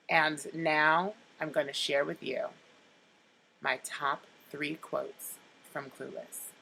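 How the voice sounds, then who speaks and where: A woman's voice: low-pitched, fairly bright tone, rough recording. A woman in her late twenties chatting casually to camera, nostalgic and rambling as she talks. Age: late 20s. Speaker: vlogger.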